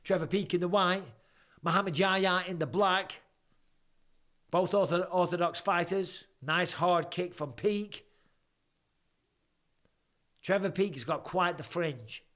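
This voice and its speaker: This forty-something live stream host has a high, slightly bright voice, speaking at a measured pace and pausing often. At home, he banters through fight commentary, cracking jokes and reading out viewer questions to answer.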